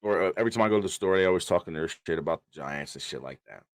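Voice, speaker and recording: A man hosting a sports podcast in casual chat, animated, laughing often and trash-talking rivals. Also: deep voice, rapid-fire, no echo. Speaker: podcast host.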